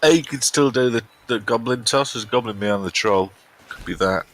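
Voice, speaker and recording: A man's voice: medium pitch, brisk, a bit bright, a little hiss or hum. A man streaming a game, chatting casually in a dry, joking, mock-earnest way. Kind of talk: casual chat over gameplay.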